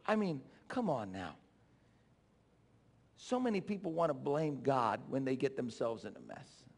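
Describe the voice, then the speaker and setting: A male pastor preaching a sermon with impassioned swings from shouting to low, urging the congregation to respond. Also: big pitch swings, a little slow, gravelly. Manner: call-and-response exhortations. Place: church sanctuary. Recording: long church reverb.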